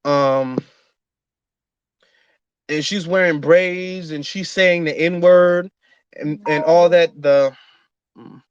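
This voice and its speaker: A man hosts an online audio room in a casual, earnest monologue, pausing often on fillers and restarting his sentences. His voice sits somewhat high for a man. The sound is dry and dull, with a lo-fi quality. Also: steady tone, smooth, no room sound. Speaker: host.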